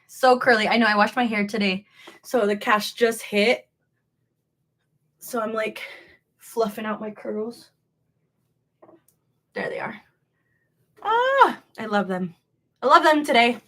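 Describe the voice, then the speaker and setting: A young woman chats on a casual livestream, crocheting as she goes. Her voice is bright and a little high, and she jumps between topics in a bubbly, self-mocking way. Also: expressive, takes it slowly, long pauses. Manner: bubbly, rambling, self-deprecating.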